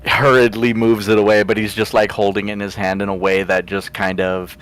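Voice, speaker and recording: A man's voice: on the low side, level tone, brisk, fairly bright tone, rough recording. A man playing a tabletop game, describing and voicing his character in a hesitant, chuckling way. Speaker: player. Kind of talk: tabletop role-play, in character.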